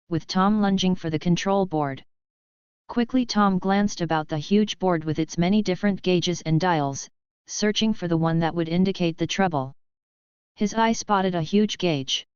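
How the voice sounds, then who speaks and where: A woman narrating an audiobook in a steady, measured reading. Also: on the low side, clear, resonant tone, dry recording, dull audio. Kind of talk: scripted narration.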